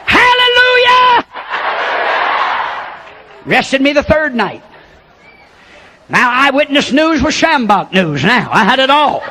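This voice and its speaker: An older man preaching a sermon as a folksy storyteller, building to shouts. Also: very high-pitched, sing-song, unhurried, noisy background.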